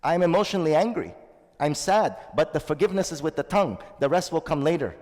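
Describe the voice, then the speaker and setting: A man's voice: a little high, expressive, fast, darkish tone, in a large hall. A man delivering a sermon as a shaykh, earnest and repeating his key phrases, with stretches of Arabic recitation. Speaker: shaykh giving a Ramadan talk.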